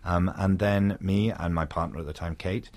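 A man's voice: low voice, fairly even intonation, moderate pace, a little mellow. A middle-aged man from Wales with a Welsh accent, an actor talking thoughtfully in an interview, with frequent restarts. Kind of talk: reflective interview conversation.

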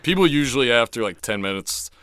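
A man in his twenties with a very deep voice, speaking as a guest in a reflective, hesitant way. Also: expressive, fast, a bit bright, clean tone, no echo, studio quality. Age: 20s.

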